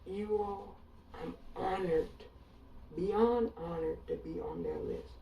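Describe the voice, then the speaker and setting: A woman's voice: medium pitch, huge pitch swings, takes it slowly, echoey room, far from the mic, muffled recording, slight background noise. A woman from Alabama giving an emphatic, sarcastic and defiant monologue, repeating her points for effect. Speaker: online commentator.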